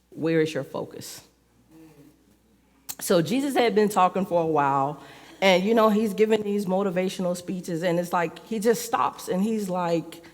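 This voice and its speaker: Woman preaching casual, lots of "like" and laughs, big church reverb. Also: fairly low pitch. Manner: chatty, fills speech with "like", laughs often. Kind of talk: conversational sermon. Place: church sanctuary.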